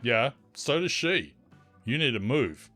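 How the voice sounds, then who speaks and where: A man's voice: mid-range voice, sing-song, slow pace, bright, forceful tone, faint music behind, full character voice. A man voicing a curt, matter-of-fact male park ranger.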